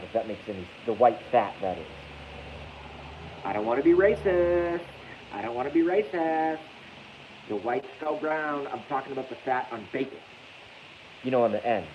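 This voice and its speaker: With an animated, mid-range voice at a moderate pace, a streamer chats loosely with his audience. His humor is crude and self-deprecating, and he reads comments from the chat aloud. The recording has a dull lo-fi quality and light hiss.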